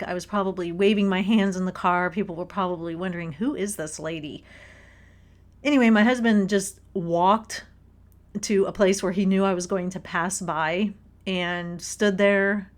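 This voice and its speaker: A woman hosting a casual book commentary, an expressive storyteller who laughs as she talks. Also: on the low side. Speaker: podcast host reading a book.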